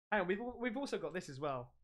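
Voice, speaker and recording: A man hosting a stream, chatting casually as he unboxes fan mail, excitable, swearing freely and laughing often. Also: sits high. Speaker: streamer host.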